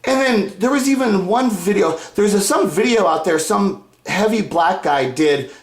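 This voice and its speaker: A man ranting angrily at his followers in a video, profane and combative, swinging between loud outbursts and low muttering. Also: expressive, normal speed, roomy sound. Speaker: YouTuber. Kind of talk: angry video rant to fans.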